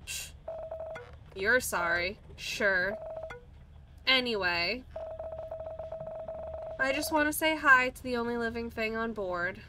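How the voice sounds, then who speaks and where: A woman voicing a sharp-tongued, scornful talking plant in a game, with a slow, higher voice over a noisy recording. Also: animated, distant mic. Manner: sarcastic, scornful.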